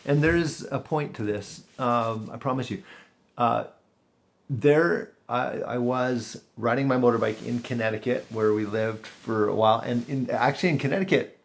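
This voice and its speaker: A man hosting a podcast, telling a story in a rambling, animated way from his home kitchen. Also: medium pitch, vocal fry. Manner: rambling and animated, with restarts and laughter. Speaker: podcast host. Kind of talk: casual storytelling monologue.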